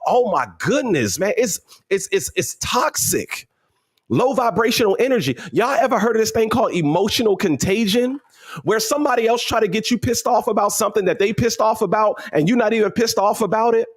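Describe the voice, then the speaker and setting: A man with a notably high voice gives an animated motivational talk to his audience. He talks in casual slang and keeps circling back to repeat his points for emphasis. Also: fairly quick, slightly rough. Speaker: motivational livestream host.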